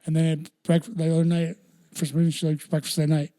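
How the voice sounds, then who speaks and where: A man's voice: a little high, completely flat delivery, fast, mellow. A man in his thirties co-hosting a podcast, telling rambling casual stories full of "dude" and "bro". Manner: rambling storyteller, says "dude" and "bro" often. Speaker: podcast co-host. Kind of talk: casual chat.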